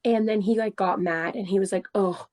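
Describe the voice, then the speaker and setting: A young woman in her twenties telling a story on a casual podcast, animated, laughing often and swearing freely. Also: medium pitch, moderate pace. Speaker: podcast co-host.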